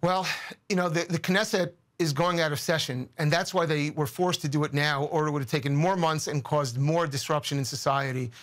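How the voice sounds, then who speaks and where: Man, high voice, earnest, emotional, news interview guest, repeats words. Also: fairly even intonation, fairly quick, a bit bright. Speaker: guest commentator.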